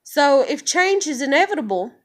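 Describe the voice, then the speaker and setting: Woman vlogger, higher-pitched, swearing rant. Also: very animated, normal speed. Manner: frustrated, heavily profane ranting. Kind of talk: casual venting monologue to camera.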